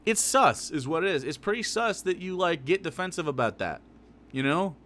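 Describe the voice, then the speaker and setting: A man's voice: fairly high pitch, animated, moderate pace, fairly bright tone. A man live-streaming his reaction to a video, swearing freely, laughing and talking back at the screen.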